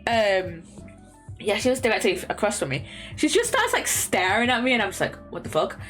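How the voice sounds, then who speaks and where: A woman's voice: mid-range voice, very animated, a little fast, fairly bright tone. A young woman chatting casually on a stream from her bedroom, rambling with lots of fillers, restarts and little laughs. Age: young adult. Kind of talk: casual chat. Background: faint lo-fi music.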